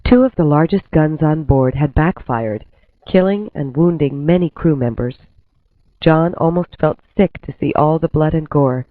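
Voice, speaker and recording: A man reading a history story aloud in steady, clear scripted narration. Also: a little high, a little slow, dry recording. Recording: tinny phone-like dry recording.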